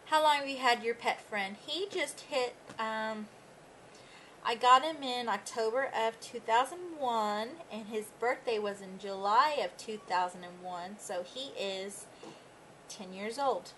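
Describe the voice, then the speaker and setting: Young woman, casual pet vlog, bright voice, light background hiss. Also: measured pace, poor audio. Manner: chatty, with high baby talk to her dogs. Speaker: pet vlogger. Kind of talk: casual chat, reading tag questions aloud.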